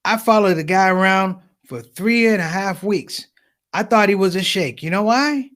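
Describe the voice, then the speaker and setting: A man doing stand-up comedy, telling stories as an animated storyteller with big voice swings. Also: high voice, moderate pace.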